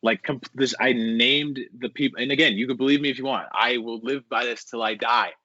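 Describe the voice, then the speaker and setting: A young man talking as a podcast guest, telling a rambling, animated story full of swearing and filler words. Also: mid-range voice, brisk, no echo. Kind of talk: casual storytelling interview. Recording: dull, dry lo-fi recording.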